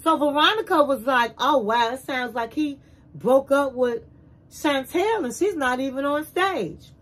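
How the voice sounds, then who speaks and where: High-voiced woman retelling a reality show. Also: unhurried, low-quality recording. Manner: animated retelling, acting out quotes. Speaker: show recap host. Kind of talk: casual recap narration.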